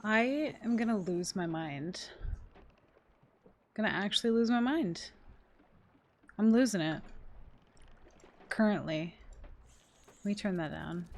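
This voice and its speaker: A woman streamer talks to her chat from her desk at home, loose and rambling. She sounds fed up and swears freely, with a voice that sits at an ordinary middle pitch for a woman. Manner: exasperated, rambling, swears a lot. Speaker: live streamer. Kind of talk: casual live-stream chat.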